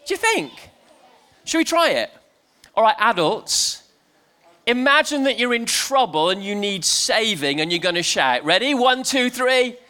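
A man's voice: sits high, unhurried. A man giving a playful family church talk, telling a joke and then coaxing the congregation to join in. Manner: lively, playful, coaxing the crowd. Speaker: preacher.

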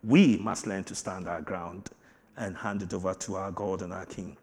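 A man preaching a sermon with emphatic, swinging delivery, booming declarations dropping to quiet asides. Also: steady tone, moderate pace. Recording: long hall reverb.

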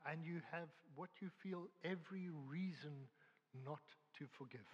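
Male preacher, fairly high husky voice, earnest, swings between forceful and hushed; long hall reverb. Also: measured pace, muffled recording. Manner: earnest, swings from loud emphasis to hushed tones. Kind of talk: sermon. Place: church or hall at a prayer gathering.

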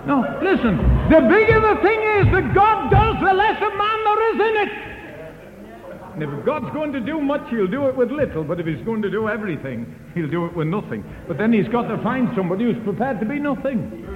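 A man's voice: very high voice, sing-song, a little fast, a crowd in the background. A man preaching a storytelling sermon, acting out the voices of the people in his story. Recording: echoey hall, dull lo-fi sound.

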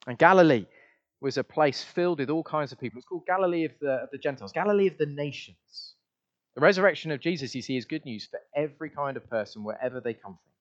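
A man preaching a sermon in an emphatic voice, repeating refrains and shifting his loudness widely. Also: on the high side, expressive, fast talker, highs cut off.

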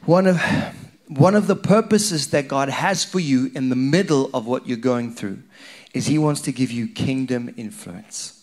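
A man preaching a conversational, animated sermon to a church congregation. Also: a little slow. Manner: animated, conversational, rising in pitch when stirred.

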